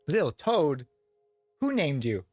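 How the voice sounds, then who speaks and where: A man's voice: a little high, big pitch swings, slow pace, darkish tone, slightly rough, no echo, soft background music, pitched above the performer's own voice, heavily acted. Man doing a teasing old crone with a cane. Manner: teasing, cackling, bossy. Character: sly old woman with a cane, bargaining.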